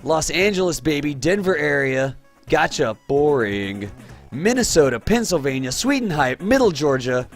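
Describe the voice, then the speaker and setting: A man from Texas hosting a livestream, excitedly thanking viewers and reading their names and places aloud from the chat. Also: on the high side, moderate pace, soft background music. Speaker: livestream host. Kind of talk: live-stream chat shout-outs.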